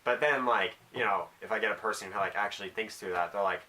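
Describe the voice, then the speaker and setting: A man's voice: on the low side, quick pace, bright, forceful tone. A teenage boy talking casually in a rambling, self-deprecating vlog monologue with jokey asides. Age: teens. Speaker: vlogger.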